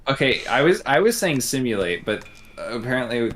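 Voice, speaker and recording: A man chatting casually on a voice call, teasing and playful, quick to poke fun at the others. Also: mid-range voice, very animated, a bit bright, slight background noise.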